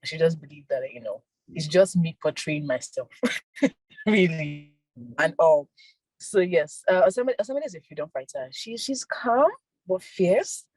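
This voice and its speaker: A young woman, an actress and filmmaker, giving soft-spoken casual interview answers with frequent laughs. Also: low voice, expressive, a little slow, no room sound, rough recording. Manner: soft-spoken, laughs often, repeats words.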